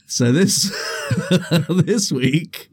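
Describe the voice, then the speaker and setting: A man's voice: a little high, drawn-out words, darkish tone, slightly rough, no room sound. A young man, co-hosting a podcast and telling a laughing, swearing anecdote. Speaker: podcast co-host. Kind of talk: casual chat, storytelling.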